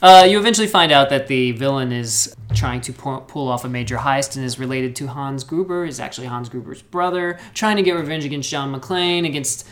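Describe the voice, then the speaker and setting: A man hosting a casual movie podcast, steering the talk and giving quick plot summaries. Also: medium pitch, fairly bright tone, a little hiss or hum. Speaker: podcast host.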